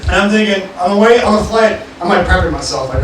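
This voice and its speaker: A man's voice: high voice, animated, fast talker. A young man from the Mississippi Gulf Coast performing a casual, profane stand-up set full of fillers, in a bar with a live audience. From Mississippi Gulf Coast, USA. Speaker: stand-up comedian. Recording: echoey, distant, noisy live bar recording. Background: room ambience and crowd noise.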